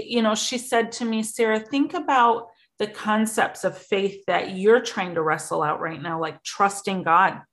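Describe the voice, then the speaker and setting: A woman speaking as a podcast guest and grief expert, talking earnestly and personally with small restarts. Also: medium pitch. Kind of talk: candid interview talk.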